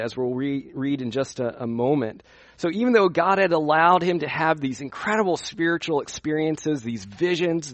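A man's voice: mid-range voice, no room sound. A young man preaching at a youth conference in a conversational way, asking his listeners questions as he teaches. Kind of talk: sermon.

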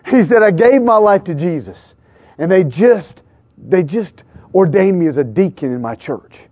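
A preacher with a high, ringing voice tells stories from the pulpit. He drops to a hush and then climbs to shouted peaks. The recording is dull and lo-fi. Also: animated, moderate pace. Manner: emphatic, swings from hushed to shouted peaks. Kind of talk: sermon with storytelling. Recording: dull lo-fi sound.

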